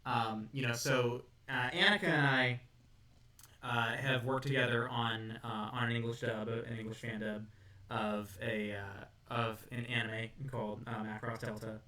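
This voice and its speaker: A man's voice: medium pitch, fairly even intonation, unhurried, sharp tone, roomy sound. A man co-hosting a fan discussion, speaking hesitantly with many ums and uhs. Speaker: podcast co-host.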